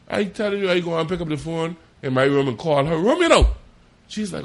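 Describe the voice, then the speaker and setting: A man telling a story in casual chat, animated and profane. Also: brisk, creaky. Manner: animated, profane, jumps high when quoting. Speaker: podcast co-host.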